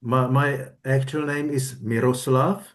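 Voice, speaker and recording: A Czech man, a student in an online class, speaks slowly and haltingly with fillers in a mid-range voice over a video call. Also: mid-range voice, fairly even intonation. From Czech Republic.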